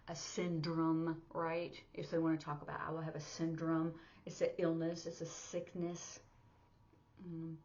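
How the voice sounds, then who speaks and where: A woman with a lowish voice teaches sign language in a relaxed, talkative lesson, going through each sign step by step and using lots of filler words. The audio sounds dull.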